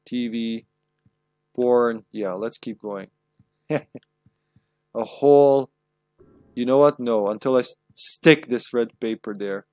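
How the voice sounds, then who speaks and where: A man's voice: medium pitch, takes it slowly, pauses often, darkish tone, dry recording, studio quality. A young man streaming himself playing a video game, chatting casually, swearing freely and laughing often. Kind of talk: casual live-stream gameplay commentary.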